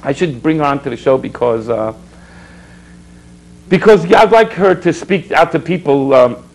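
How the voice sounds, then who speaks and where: A man's voice: fairly high pitch, expressive, moderate pace, vocal fry, low-quality recording. A man, a rabbi hosting a public access TV show, preaching with rhetorical questions and telling stories to his viewers. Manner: exhorting, rhetorical questions, storytelling asides. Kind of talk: animated preaching talk with anecdotes.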